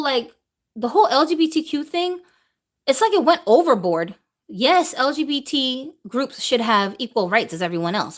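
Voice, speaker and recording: A woman in her thirties talks straight to her audience in a live question-and-answer stream. She is blunt and opinionated. Her voice sits a little high and swings widely in pitch. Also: fairly bright tone. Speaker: doll collector vlogger. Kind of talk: live Q&A monologue.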